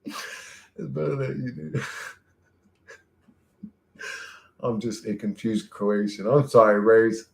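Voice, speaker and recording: A man's voice: on the low side, takes it slowly, creaky, pauses often, a little mellow. A man casually chatting on a livestream, reading chat aloud, laughing often and swearing freely as he jumps from topic to topic. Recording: roomy echo.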